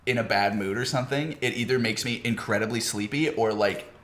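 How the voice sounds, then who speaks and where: Male co-host, relaxed casual talk, bright tone, easy laughter. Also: on the low side, fairly quick. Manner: laid-back, laughing, swearing. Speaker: podcast co-host. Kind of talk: casual chat.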